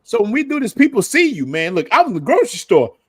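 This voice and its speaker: A man's voice: high-pitched, fast, breathy edge, dry recording. A man hosting a casual livestream chat, telling stories and laughing often. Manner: animated storytelling, laughs often. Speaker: host.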